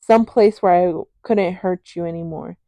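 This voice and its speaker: A woman reading the lines of a calm, brooding young man in a quiet, grave way, close to her own voice. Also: fairly low pitch, unhurried, no room sound.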